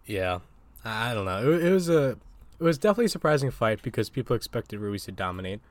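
A man co-hosting a casual sports chat, animated and laughing often as he reads quotes aloud. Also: mid-range voice, fast, no room sound. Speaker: co-host.

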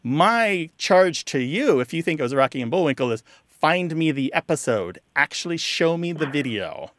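A man co-hosting a radio show on language, explaining word origins to a caller in a chatty way with quick asides. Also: fairly high pitch, big pitch swings, a bit bright, no echo.

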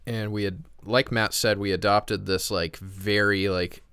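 A man's voice: lowish voice, steady tone, unhurried, a bit bright, clean tone, no echo, clean studio sound. A man co-hosting a podcast, talking in a laid-back, rambling way with many restarts over a call. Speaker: podcast co-host. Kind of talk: casual chat. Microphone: remote call.

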